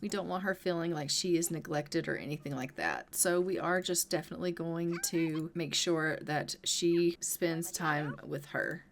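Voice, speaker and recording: A woman casually narrating her life-simulation gameplay step by step, chatty and gentle, now and then voicing her characters in quick asides. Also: low-pitched, fairly even intonation. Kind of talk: casual let's-play commentary.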